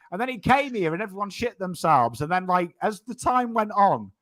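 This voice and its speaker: An English man in his thirties, co-hosting a casual chat with a fairly high voice. He tells stories in an animated way and swears freely. The recording is close and dry, with no room sound. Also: moderate pace, hardly any pauses, dry recording. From England. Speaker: co-host.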